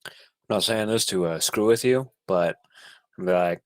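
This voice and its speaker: A man's voice: sits low, a little slow, no echo. A man playing a tabletop game, chatting in a joking, offhand way. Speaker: player. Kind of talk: casual tabletop chat.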